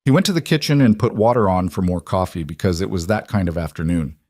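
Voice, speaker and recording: Low voiced guy reading a story, dry close sound, unhurried. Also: a little mellow, no echo. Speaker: narrator. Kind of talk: scripted narration.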